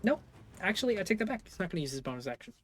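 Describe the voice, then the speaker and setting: A man's voice: high voice, faint music behind. A man narrating as game master, livening up his storytelling and correcting himself on the fly. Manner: animated, quick self-corrections.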